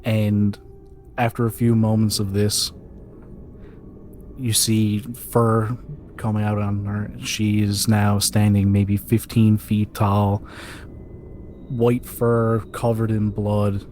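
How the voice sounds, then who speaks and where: A man narrating a tabletop game as game master, slow and vivid in his descriptions. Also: on the low side, monotone, darkish tone, slight background noise.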